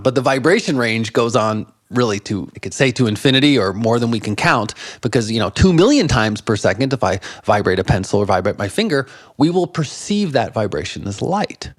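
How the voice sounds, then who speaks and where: A man in his fifties, a guest in an interview, telling animated stories about meditation and laughing often. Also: medium pitch, dry recording, studio quality. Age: 50s. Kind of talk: conversational interview.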